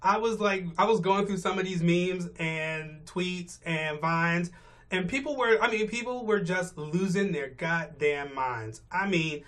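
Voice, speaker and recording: Unhurried and a bit bright, his voice sits high as he rants in his car on the way to work. The vlogger's commentary is blunt, exasperated and laced with swearing.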